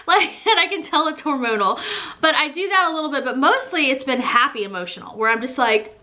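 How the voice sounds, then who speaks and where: A woman's voice: fairly high pitch, fairly quick, sharp tone. A pregnant young woman giving a casual, rambling vlog update, laughing often as she talks. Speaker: vlogger.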